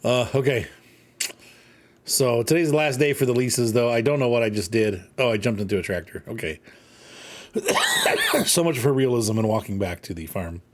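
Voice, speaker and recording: A man's voice: medium pitch, a little fast, darkish tone, slight background noise. A man casually commenting while he plays a farming game, rambling, joking and talking to himself. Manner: rambling, playful, jokey asides. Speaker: gaming channel host.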